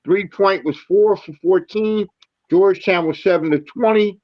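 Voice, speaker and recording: A man's voice: high-pitched, measured pace, dull audio. A man hosting a postgame sports talk show, reading stats with many fillers and restarts. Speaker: show host.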